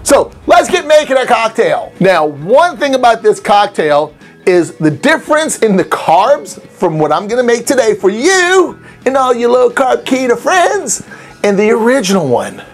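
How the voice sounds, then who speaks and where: Man, cocktail host, casual recipe talk, playful and rambling, high voice, very lively pitch. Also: a little slow, faint music behind. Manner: chatty and playful, rambling asides, silly mock voices.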